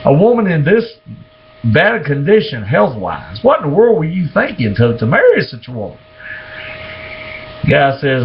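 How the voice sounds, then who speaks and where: A man's voice: fairly high pitch, huge pitch swings, dull audio, a little hiss or hum. Drawling man telling dirty jokes. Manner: slow drawling storytelling, voices the characters. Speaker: joke teller.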